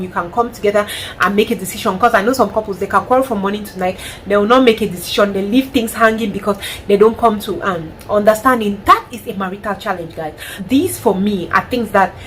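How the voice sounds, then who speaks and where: A woman's voice: mid-range voice, a little hiss or hum, poor audio. Frank Cameroonian woman giving advice. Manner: frank, animated, emphatic. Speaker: lifestyle vlogger. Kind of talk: casual advice monologue.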